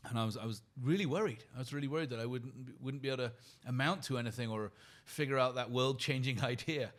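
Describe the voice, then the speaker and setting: Earnest British man, slow reflective pauses. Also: medium pitch. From United Kingdom. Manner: earnest, lists thoughts slowly with pauses. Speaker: guest, company leader and keynote speaker. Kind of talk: reflective conversational storytelling.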